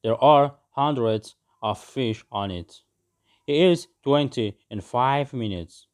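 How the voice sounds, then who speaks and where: A man reading a simple story aloud for English learners, with clear, simple phrasing. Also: mid-range voice, takes it slowly, darkish tone. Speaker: story narrator.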